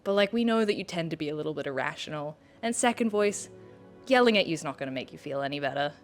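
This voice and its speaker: A woman voicing a calm, gentle female inner mediator who soothes and reasons. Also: sits low, fast, soft background music, voice pushed down. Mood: soothing.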